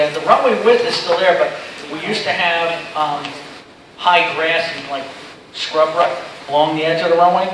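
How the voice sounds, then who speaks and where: A middle-aged man giving an informal safety seminar to pilots, chatty and joking as he rambles through stories. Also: on the high side. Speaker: seminar speaker. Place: seminar room with audience. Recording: echoey room from far off, noisy.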